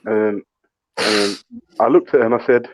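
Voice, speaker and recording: A man's voice: fairly low pitch, a little fast, no echo. A man, hosting a casual chat and telling a story, mimicking other people's voices as he talks. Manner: animated, mimics voices in stories. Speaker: show host. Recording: muffled remote call audio.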